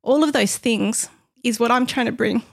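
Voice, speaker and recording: A woman's voice: a little high, moderate pace, gravelly. Earnest woman talking business on a podcast. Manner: earnest, heartfelt. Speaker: podcast co-host, business owner. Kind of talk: casual podcast chat.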